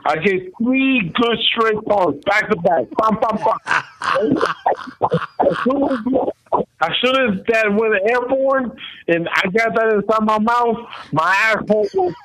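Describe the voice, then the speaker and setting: A man who is a podcast guest, telling a story in casual chat with slow, dramatic delivery that trails off. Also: high voice, expressive, a bit bright, low-quality recording. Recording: faint background noise.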